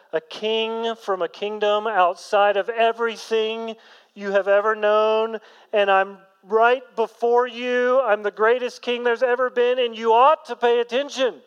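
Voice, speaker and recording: A man preaching a sermon as pastor, earnest, rising to emphatic peaks and then dropping low. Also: smooth, long reverb tail, lo-fi sound.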